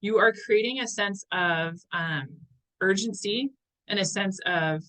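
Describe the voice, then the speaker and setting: Bright-voiced earnest woman coach. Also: medium pitch, measured pace, poor audio. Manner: earnest, chatty, searching for words. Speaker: wellness coach. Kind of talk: motivational talk.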